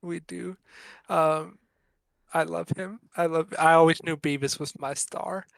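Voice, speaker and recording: A podcast co-host chatting casually, retelling cartoon scenes in an animated way and often breaking into laughter. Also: medium pitch, unhurried, gravelly, no room sound. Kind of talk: casual chat.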